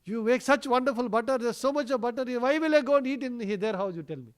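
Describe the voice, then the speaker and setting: Naughty little boy playing innocent, a man doing the voice, high and pleading. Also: fast talker. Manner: pleading, falsely innocent, higher pitch.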